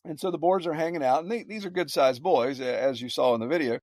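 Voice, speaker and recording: A man, a farmer guest on a podcast, telling stories in a halting way with many repeated words. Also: fairly high pitch, a little mellow, dry recording, studio quality. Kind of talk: casual podcast interview.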